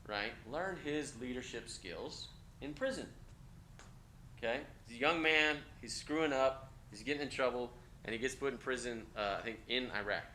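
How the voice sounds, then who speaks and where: A male instructor lectures with a bright, forceful tone and keeps checking in with his students. The classroom rings with echo, and a faint hiss sits underneath. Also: mid-range voice. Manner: energetic, conversational, frequent "okay?" check-ins. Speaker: college instructor. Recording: echoey classroom with faint noise.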